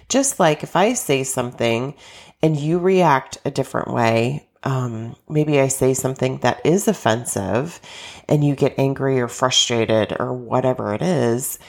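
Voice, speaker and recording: A woman's voice: a bass voice, vocal fry, a little mellow. A woman hosting a self-help coaching podcast, talking in a chatty, upbeat way with a stuffy, congested voice. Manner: chatty, upbeat, with small restarts.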